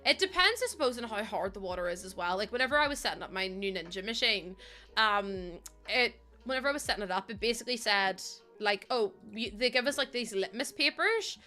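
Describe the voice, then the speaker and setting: A woman's voice: medium pitch, animated, fairly quick, bright, forceful tone, soft background music. A young woman with a Northern Irish accent, chatting casually with her live stream viewers, laughing often and answering their comments. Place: home streaming setup.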